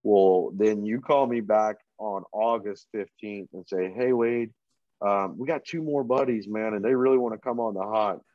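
A man who works as a hunting outfitter, talking casually on a podcast in a relaxed, plain-spoken way with many fillers. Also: lowish voice, moderate pace, no echo. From Kansas. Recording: dry, slightly dull podcast mic.

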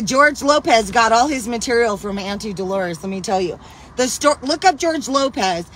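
A woman's voice: a little high, a bit bright, a little hiss or hum. A woman livestreaming a rambling, agitated rant on a phone outdoors, swearing constantly, preaching and accusing, and ending nearly every sentence with "okay?". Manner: profane, tag "okay?" on most sentences. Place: outdoors on a town street.

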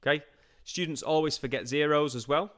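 A man teaching a live-streamed computer science revision lesson, chatty and informal, often asking and answering his own questions. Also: fairly high pitch. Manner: lively, playful put-on voices and quick asides.

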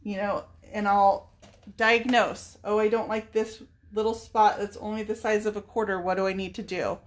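A woman's voice: medium pitch, level tone, moderate pace. Chatty woman painting furniture on camera. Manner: chatty, thinks aloud while working. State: tearful at times. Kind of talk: casual live painting demo.

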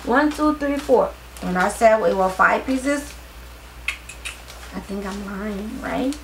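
A tired woman vlogger chatting casually to her viewers during a clothing haul, excitable, with her voice starting to crack. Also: medium pitch, slow, creaky, a little hiss or hum, rough recording. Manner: excitable, talks straight to viewers.

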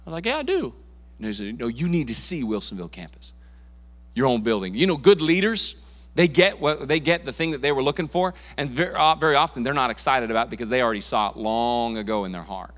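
A male pastor preaching a sermon in a church, casual and emphatic, with quick asides and repeated words. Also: mid-range voice, expressive, a bit bright. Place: church sanctuary. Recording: long reverb of a church hall.

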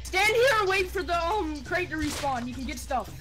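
A woman chatting casually and excitably while playing a game, often yelping and laughing. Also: high-pitched, normal speed, over music. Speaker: gamer. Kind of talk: casual gameplay chat.

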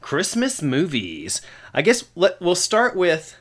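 A young man hosting a casual film podcast, rambling and animated, breaking into loud acted-out quotes. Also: sits high, slow. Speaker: podcast host. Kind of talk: casual chat about films.

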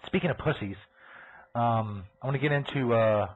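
On a live podcast, a male host rants crudely and sarcastically in a mid-range voice at normal speed. The profane tirade comes through tinny, phone-like audio.

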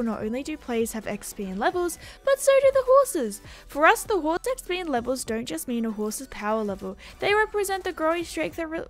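A young woman with an Australian accent reads a game blog aloud and keeps breaking off into chatty asides. Her voice sits high for a woman, and her delivery stays bubbly and eager. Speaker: gaming video creator. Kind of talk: casual game blog read-along.

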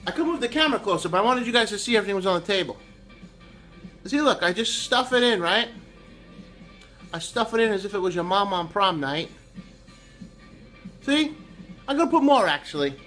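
The host of this casual home cooking video speaks in a high, fairly bright voice, animated and fairly quick but pausing often, as he rambles and cracks crude jokes at viewers. He is far from the camera's mic in an echoey kitchen with faint music playing.

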